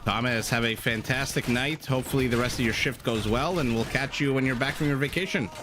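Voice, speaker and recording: A man's voice: mid-range voice, fairly quick. A man commentating a strategy game on a live stream, calling the action and chatting with viewers between plays. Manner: chatty, reads and answers chat between play calls. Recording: audible background noise.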